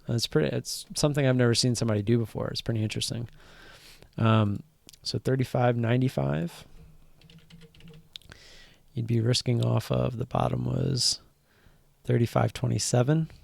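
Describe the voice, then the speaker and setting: Creaky-voiced man hosting a casual stream. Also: mid-range voice, steady tone, moderate pace, pauses often, a little mellow, no room sound. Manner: rambling, with many fillers and restarts. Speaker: stock trading live stream host. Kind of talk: casual live-stream chat.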